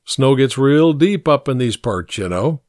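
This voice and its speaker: A fussy, long-winded county tax assessor lays out his objections one point at a time, as a man reading the story puts him on. The delivery rolls up and down with lively pitch and takes its time. It is a dry, close storybook reading. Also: measured pace, no room sound, lightly acted. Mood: officious. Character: pompous older male small-town tax assessor.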